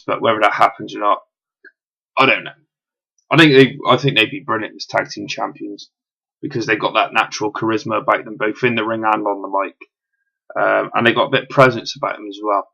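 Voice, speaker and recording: A man's voice: on the low side, gravelly, pushed and bright. A young man giving a casual, rambling solo review with lots of fillers, eager about what he's recapping. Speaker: wrestling show reviewer. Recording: dull lo-fi home recording.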